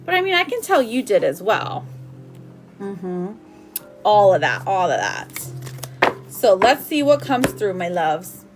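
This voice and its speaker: A woman's voice: medium pitch, sing-song, a little slow, pauses often, over music. A woman reading tarot on a live stream, chatty and affectionate, calling her viewers sweetheart and babe. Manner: chatty, with frequent "like" and laughs. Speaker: tarot reader.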